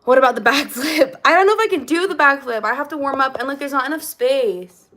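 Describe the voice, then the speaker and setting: A young woman chats casually on a livestream from a small home room, giggling often and reading out her viewers' comments. Her voice sits a little high. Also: quick pace, fairly bright tone. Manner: giggly, chatty, reads viewer comments aloud. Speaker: singer livestreaming to her chat. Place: small home basement apartment.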